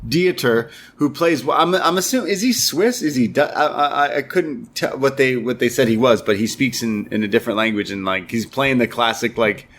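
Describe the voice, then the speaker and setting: A man's voice: mid-range voice, moderate pace, hardly any pauses, fairly bright tone. A man co-hosting a casual film review chat, retelling the plot in a rambling way with many fillers. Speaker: podcast co-host, film reviewer.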